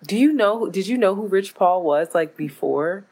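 A woman co-hosting a podcast from home in casual chat, blunt and profane, acting out quotes in animated voices. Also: mid-range voice, normal speed. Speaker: podcast co-host. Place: at home, late at night.

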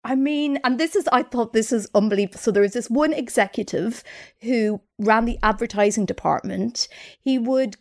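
A woman with a fairly high voice tells a story in a casual podcast chat. She is animated and conversational, and she lifts her voice whenever she quotes someone. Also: normal speed. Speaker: podcast co-host.

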